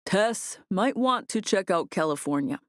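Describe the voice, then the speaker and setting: A woman voicing a relaxed, teasing young man. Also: medium pitch, a little slow, no room sound, studio quality, natural voice. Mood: easy teasing.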